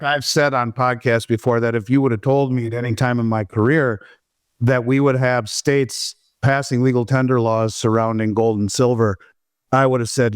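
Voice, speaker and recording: A man's voice: mid-range voice, smooth, no room sound, clean studio sound. Rambling, friendly male podcast host. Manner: friendly, rambling with many fillers and restarts. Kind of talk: casual interview chat.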